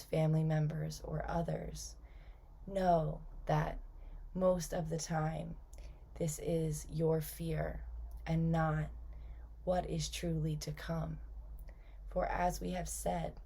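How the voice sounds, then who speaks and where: Gentle otherworldly spirit collective, soft and reassuring, low and unhurried, as a woman channels it. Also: level tone, creaky, full character voice. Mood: tender. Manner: slow, soft and half-whispered. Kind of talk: spoken channeling message.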